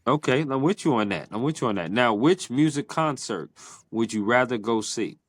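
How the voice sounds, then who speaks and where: A man hosts a casual podcast and runs a game of quick either-or questions. He teases his guest about her answers in a playful way. His voice sits at an ordinary pitch and is recorded close and dry. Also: animated, no room sound. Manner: playful, teasing, drawn-out questions. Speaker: podcast host. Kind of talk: casual interview chat.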